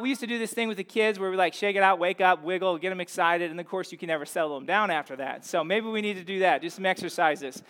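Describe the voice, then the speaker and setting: A man in his thirties delivers a sermon in a high-pitched voice. He talks in an easygoing, conversational way, often checking in with the congregation through questions. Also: fast, hardly any pauses, fairly bright tone. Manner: conversational, asks the room questions. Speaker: pastor.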